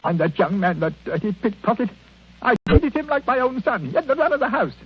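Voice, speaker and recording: A man's voice: extremely high pitch, very animated, fairly quick. An actor playing a self-pitying, miserly old man who grumbles and whines, in 1940s radio acting style. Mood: whining. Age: older. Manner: whining, grumbling. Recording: dull old radio recording, faint hiss.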